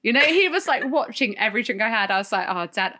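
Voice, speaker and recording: A woman co-hosting a podcast, telling a funny story in casual chat, animated and often laughing. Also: on the high side, quick pace. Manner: animated, laughing, tells stories with voiced asides. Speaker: podcast co-host.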